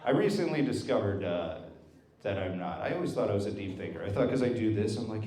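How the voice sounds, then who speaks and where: A man doing a stand-up comedy set, telling stories in a deadpan way with acted quotes. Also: on the low side, fast talker. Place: brewery stage with live audience. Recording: roomy live venue with crowd laughter. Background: audience laughing.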